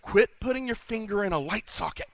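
A man's voice: sits high, lively intonation, a little fast, creaky, no echo. A man giving a humorous sermon at a conference, telling stories with animation and acting out the voices he quotes. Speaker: conference speaker. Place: conference session.

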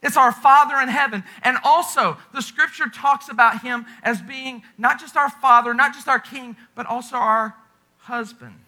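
A man preaching a sermon with passion, often dropping to a hushed, intense delivery. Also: very high-pitched, steady tone, normal speed. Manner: impassioned preaching with dramatic drops to a hush. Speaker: pastor.

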